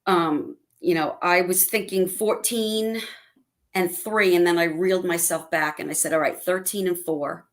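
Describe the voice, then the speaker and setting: A middle-aged woman chatting casually on a video call, telling animated stories and acting out her family's lines. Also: on the low side, a little slow. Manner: animated storytelling, acts out family quotes. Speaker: guest fan. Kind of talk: casual livestream chat.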